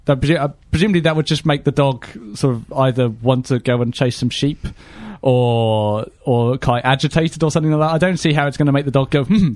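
A man's voice: medium pitch, a little mellow, no room sound, studio quality. A man co-hosting a podcast, chatting casually and rambling with jokes and lots of fillers. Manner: rambling, joking, many fillers. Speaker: podcast co-host. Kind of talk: casual comedic chat.

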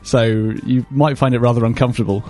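A man speaks as a studio guest on a casual radio chat. He rambles with a dry, self-mocking humour. His pitch is middling, with faint music underneath. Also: steady tone, quick pace, a little mellow.

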